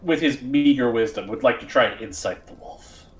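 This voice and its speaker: A man's voice: medium pitch, moderate pace. A man playing a tabletop game, asking questions in a hesitant way. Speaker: player. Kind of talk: casual tabletop game play.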